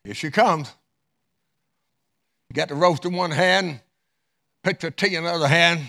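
A man preaching a sermon through a dramatic story, with his voice rising loud and dropping low. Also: fairly even intonation, fairly quick, gravelly. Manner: dramatic, wide swings in loudness.

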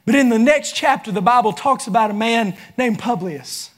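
A man preaching a sermon, building into fervent shouts. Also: very high voice, moderate pace. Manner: impassioned, rising into shouts.

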